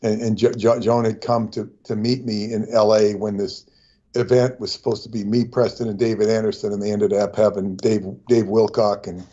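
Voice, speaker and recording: A man's voice: lowish voice, flat delivery, moderate pace, dark tone, slightly rough, muffled recording. A man talking as a guest in casual chat, telling long rambling anecdotes.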